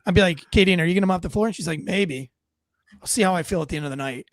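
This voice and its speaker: A man's voice: high-pitched, racing, creaky. A middle-aged man hosting a casual live chat, telling rambling, profane stories and acting out what people said. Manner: rambling storyteller, swears freely, acts out quotes. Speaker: host, former police officer.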